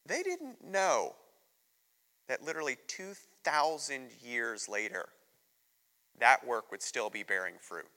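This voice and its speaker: An American man preaches an emotional, openly personal sermon as a visiting missionary. His voice is strikingly bright. It rings out with a long reverb through a church sanctuary. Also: medium pitch, very animated, takes it slowly, pauses often. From United States. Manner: candid, emotional storytelling.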